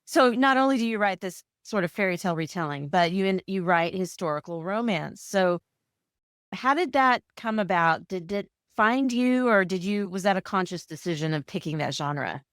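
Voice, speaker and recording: A woman hosts a relaxed interview, asking questions and backing her guest up with short, encouraging replies. Her voice sits at an everyday middle pitch. The recording is close and dry. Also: moderate pace, clean tone, no echo. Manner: encouraging, asks questions, frequent backchannel. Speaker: podcast host. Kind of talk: casual interview chat.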